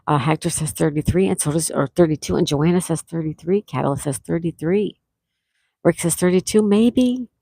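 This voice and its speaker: A woman hosting a live-stream trivia game, reading viewers' answers aloud and repeating each question slowly. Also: low voice, mellow, no room sound. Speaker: trivia host.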